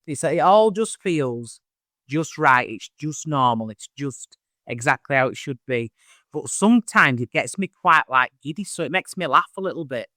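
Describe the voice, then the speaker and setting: A man talks about his work as a medium in a chatty, animated way, acting out the people in his stories. His voice is bright and forceful and sits a little high for a man. The sound is dry and close to the mic. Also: normal speed, no room sound. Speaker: medium, podcast host as guest. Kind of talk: casual interview storytelling.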